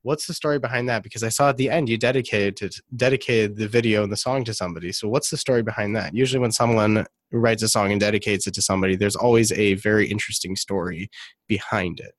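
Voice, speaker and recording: A man with a lowish voice hosts a relaxed interview. He talks in a chatty way and restarts his phrases often. The sound is close and dry. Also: fast, dry recording. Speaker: interview host. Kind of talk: casual interview.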